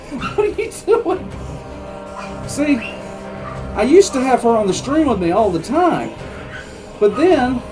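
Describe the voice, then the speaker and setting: A man's voice: high voice, low-quality recording. An older man hosting a reaction channel, chatting casually and talking fondly to his dogs. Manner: chatty, doting baby talk to pets. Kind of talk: casual chat.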